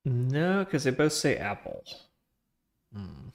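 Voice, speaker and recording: Man, medium pitch, relaxed live-coding chat, slangy, laughs a lot, mutters to himself. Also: measured pace. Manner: loose and chatty, trailing into quiet muttering while working; slangy, with laughs between phrases. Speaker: streamer coding a trading engine.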